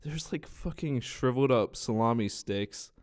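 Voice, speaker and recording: A man's voice: mid-range voice, moderate pace. A young man with an Australian accent telling rambling, swear-filled stories in a casual vlog, his nose stuffed from a cold. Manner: swears a lot, rambling and animated. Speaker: vlogger.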